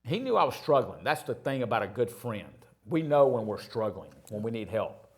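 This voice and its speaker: An older restaurateur from Houston, Texas, appears as a guest on stage, rambling through profane, self-mocking stories in a casual storytelling mode. His voice sits at a medium pitch, very animated, at a moderate pace.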